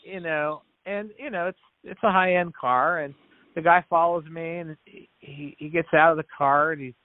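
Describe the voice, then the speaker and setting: A man's voice: fairly high pitch, fairly even intonation, normal speed, no echo. A man guesting on a podcast, earnestly telling a story, acting out the dialogue and often restarting his words. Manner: earnest storyteller who acts out quoted dialogue; frequent restarts and repeated words. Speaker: podcast guest, business founder. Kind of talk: storytelling in an interview. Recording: tinny phone-like dry line.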